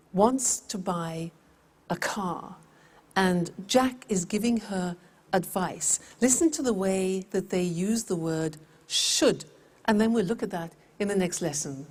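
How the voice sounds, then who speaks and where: A woman teaching English vocabulary in a scripted lesson, speaking deliberately and repeating words for pronunciation. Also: medium pitch.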